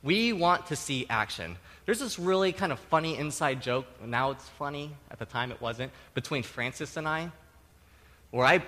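A middle-aged man preaching a sermon, conversational and animated, tossing in tag questions and acting out quotes with sudden loud bursts. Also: medium pitch, long reverb tail. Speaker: pastor.

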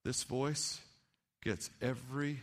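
A man preaching a sermon as pastor, earnest and emphatic at times, then quiet and personal. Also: mid-range voice, fairly even intonation, takes it slowly.

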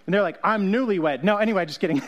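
A man with a high voice preaches in a loose, chatty way. He jokes with his listeners, laughs at his own asides, and corrects himself mid-sentence. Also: rapid-fire. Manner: jokey, self-correcting, laughs often. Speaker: pastor. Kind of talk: conversational sermon.

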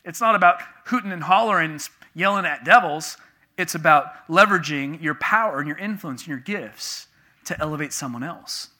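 A man in his thirties preaching to his congregation, with a very bright, forceful tone. He speaks a little higher than most men and tells his story casually and candidly, swinging from hushed asides to loud, punchy emphasis. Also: normal speed. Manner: conversational, confessional storytelling with sudden bursts of emphasis. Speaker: pastor. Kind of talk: sermon.

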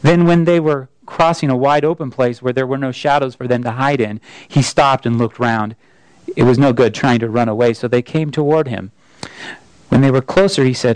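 A man preaching a Sunday sermon who reads a story aloud in an expressive, emphatic way. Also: medium pitch, normal speed, clean tone, no echo, poor audio. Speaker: pastor.

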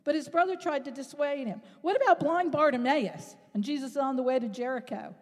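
A woman preaching a sermon in an animated, rhetorical way, at times rising to a shout. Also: high voice, fairly quick. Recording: long reverb in a large hall.

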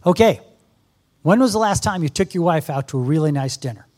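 A man's voice: on the high side, lively intonation, brisk, darkish tone. A man in his fifties giving an earnest sermon to a church congregation, exhorting the audience directly. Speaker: guest speaker. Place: church service with a live audience.

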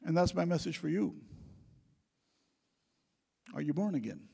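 A man preaching a sermon to a congregation in a church, building to loud, emphatic calls. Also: measured pace, vocal fry, husky. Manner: preaching with rising, booming emphasis. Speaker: pastor. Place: church sanctuary. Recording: long church hall reverb.

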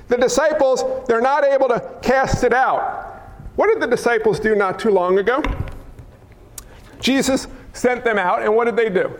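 A male pastor preaching a sermon in a church hall, wearing a mic, animated and acting out crowd cries and quoted lines. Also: extremely high pitch, moderate pace, slight background noise. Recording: long hall reverb.

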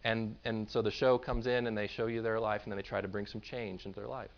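A man's voice: fairly low pitch, level tone, fast, creaky, dull audio. A man preaching a sermon in a conversational way, now and then acting out the voices of the people he describes. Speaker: pastor.

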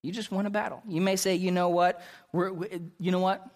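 A man's voice: high voice, flat delivery, brisk. A man preaching a sermon as pastor, emphatic and repetitive, his intensity rising and falling.

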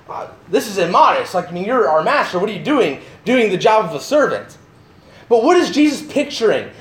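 A man preaching a sermon in a church, talking to the congregation and often asking "right?". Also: high voice. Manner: animated, talks to the congregation with frequent "right?". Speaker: pastor. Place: church sanctuary.

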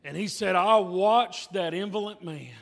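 In a church sanctuary, a preacher gives an emphatic, repetitive revival sermon ending in an altar call, his very high, bright voice forceful yet measured in pace, with vocal fry. Long reverb fills the hall, and soft music plays faintly underneath.

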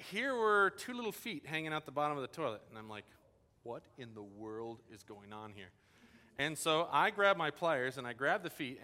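High bright-voiced pastor in a hall. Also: male voice. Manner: casual and animated, acting out quoted dialogue. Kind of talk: sermon with storytelling. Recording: long hall reverb.

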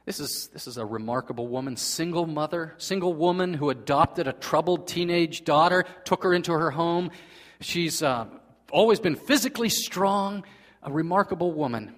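A man preaching a sermon in earnest, swinging between loud emphasis and hushed, quiet passages. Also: on the high side, lively intonation, normal speed. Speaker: pastor. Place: church sanctuary. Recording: long reverb of a large hall.

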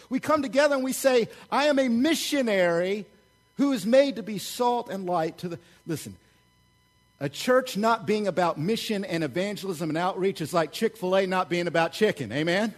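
A man delivers a lively sermon as pastor, his voice sitting high for a man. He preaches with fired-up energy, keeping it conversational and checking in with the congregation as he goes. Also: moderate pace.

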